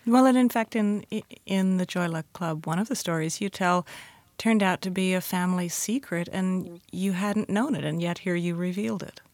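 A woman interviewer with a low, gravelly voice asks probing questions in a conversational tone. Her delivery is dry and close to the mic. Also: normal speed, a little mellow, no echo.

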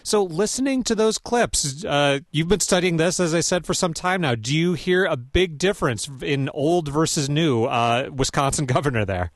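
A man's voice: on the high side, lively intonation, moderate pace, few pauses, no room sound, clean studio sound. A man hosting a radio interview, asking questions in a curious, conversational way. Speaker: radio host.

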